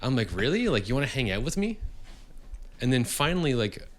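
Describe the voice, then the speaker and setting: A man's voice: medium pitch, very animated, a little fast. A man, a podcast guest who owns a vintage store, telling a story casually with many fillers and restarts. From Canada. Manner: rambling, hesitant, many fillers.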